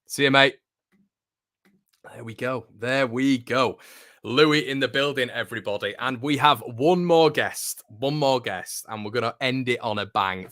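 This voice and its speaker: A man's voice: medium pitch, a bit bright, no echo, clean studio sound. A young man hosting a fan phone-in, chatty and upbeat, with plenty of fillers. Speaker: host.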